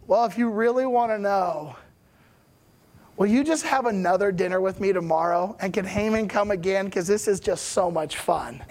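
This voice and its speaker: A clever young queen coaxes the king with sweet, light persuasion, as a man voices her in a sermon. The voice stays fairly high and soft. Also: normal speed, lightly acted. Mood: coaxing. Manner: sweet, coaxing.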